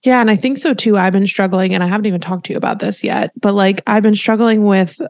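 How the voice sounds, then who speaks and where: Podcast co-host, woman, medium pitch, open and candid, dry close mic. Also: fast talker, darkish tone, no echo. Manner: open, confessional, lots of "like" fillers. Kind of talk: candid casual chat.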